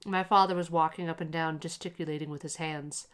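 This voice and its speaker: A woman narrating a classic short story aloud in a calm, measured, expressive reading for relaxation. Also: low voice, clear, resonant tone.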